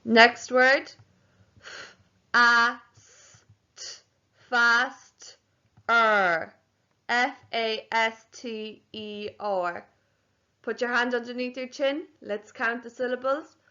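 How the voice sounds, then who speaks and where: A woman teaching a recorded home phonics lesson to young children, slowly spelling out letters and syllables. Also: a little high, fairly even intonation, pushed and bright, muffled recording. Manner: slow, clearly sounding out letters and syllables. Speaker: primary school teacher.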